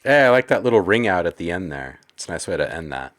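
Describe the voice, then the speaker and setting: A man with a low, deep voice hosts a live stream and critiques tracks in a loose, conversational way. He talks frankly and coaches the listener, dropping plenty of fillers as he goes. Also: big pitch swings, fast, a bit bright, soft background music. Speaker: livestream host giving music feedback.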